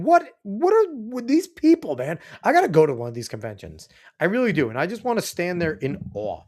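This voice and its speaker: A man hosting a commentary show, reacting to video clips with mocking, profane asides. His pitch sits a little high and swings widely as he talks. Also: darkish tone. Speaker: host.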